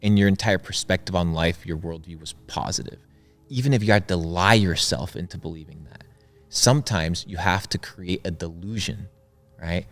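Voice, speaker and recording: Deep-voiced man preaching mindset. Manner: preachy, repetitive, emphatic. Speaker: guest. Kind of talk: motivational interview talk.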